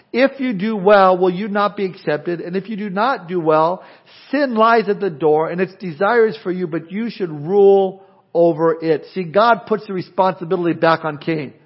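A pastor preaching a sermon with animated delivery, acting out imagined people's objections. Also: male voice, sits high, slightly rough, lo-fi sound. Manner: animated, acts out imagined speakers.

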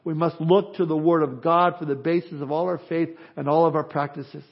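A male pastor preaching a sermon, swinging from loud emphasis to quiet asides. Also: a little high, fairly even intonation, brisk, muffled recording.

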